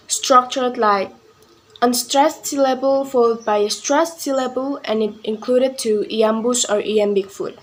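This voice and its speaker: A young woman student giving a class presentation, reading carefully and deliberately with some restarts. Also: on the high side. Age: young adult. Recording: faint background noise.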